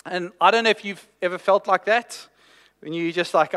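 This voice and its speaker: A man's voice: high voice, normal speed, fairly bright tone, clear, resonant tone, big-room sound. A man preaching a sermon, telling a personal story with self-deprecating humor.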